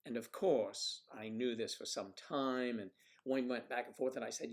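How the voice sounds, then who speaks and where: A man's voice: medium pitch, fairly even intonation, moderate pace. Rambling man hosting a livestream. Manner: rambling, drifting into soft mutters while clicking around. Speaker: livestream host. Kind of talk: casual livestream chat reading viewer messages.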